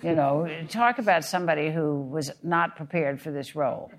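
A woman panelist who joins in with quick interjections and conversational remarks. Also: deep voice. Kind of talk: panel discussion before an audience.

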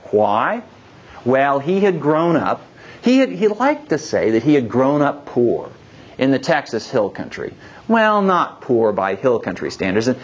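Guy lecturing on history, kinda high and breathy, goes off on tangents with dry jokes, muffled old recording. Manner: lively, digressive, wry asides. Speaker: guest lecturer.

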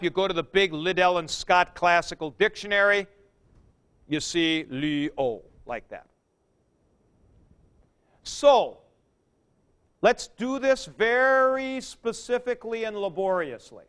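A man's voice: high voice, a bit bright, clean tone. A man lecturing a class on Greek verbs, drilling forms aloud and stressing key points. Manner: drills verb forms aloud, emphatic asides. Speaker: Greek teacher.

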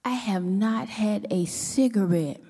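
A woman sharing a testimony at church, telling her story with animated, expressive delivery. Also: slow pace, breathy edge. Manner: expressive, acts out her own quotes with sudden pitch jumps. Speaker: church speaker giving a testimony. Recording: long hall reverb.

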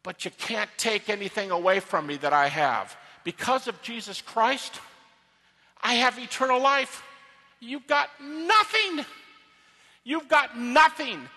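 A man voicing a defiant apostle who loudly mocks death, speaking in a long-echoing auditorium. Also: fairly high pitch, wildly swooping pitch, measured pace, pauses often, breathy edge, heavily acted. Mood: taunting. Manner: loud, mocking, triumphant shouting.

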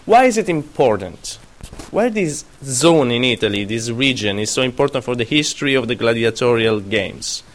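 A man's voice: medium pitch, expressive, normal speed. A man lecturing a class, often stopping to question students and correct himself.

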